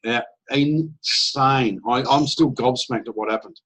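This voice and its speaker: A man's voice: medium pitch, a little slow, fairly bright tone, breathy edge, poor audio. A man presenting at an online business meeting, talking in an enthusiastic, chatty way and acting out phone calls. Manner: enthusiastic and conversational, acts out phone chats. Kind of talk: persuasive sales pitch on a video call.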